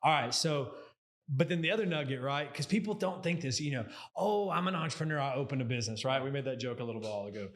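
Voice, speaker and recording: A man's voice: mid-range voice, lively intonation, quick pace, a bit bright. A man with a Texan accent hosting a casual business interview, encouraging the guest and calling him brother. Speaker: host, business lawyer.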